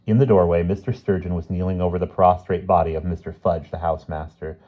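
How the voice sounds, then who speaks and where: A man reading a children's storybook aloud in a lively, expressive way. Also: deep voice, quick pace, lo-fi sound. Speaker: audiobook reader. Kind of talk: storybook narration.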